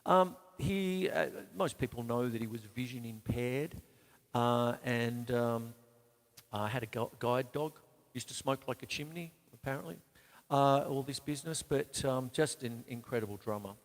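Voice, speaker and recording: A medium-pitched Australian man, sounding as if he's in a large hall, hosts a live drum lesson from a home studio with a drum kit. As drum teacher and show host, he's talkative and self-deprecating, counting beats aloud between explanations.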